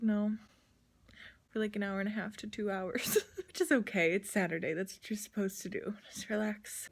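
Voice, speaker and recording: A young pregnant woman chatting casually in a home vlog, full of "like" fillers and sometimes dropping to a soft whisper. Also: mid-range voice. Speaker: vlogger. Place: her home.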